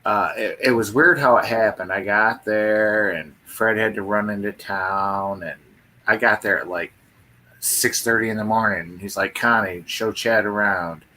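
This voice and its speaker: A man with a bright, forceful edge and a slightly lowish voice, animated and eager as he tells his story on a live stream. Faint noise sits behind him. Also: measured pace. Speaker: co-host of a live paranormal show.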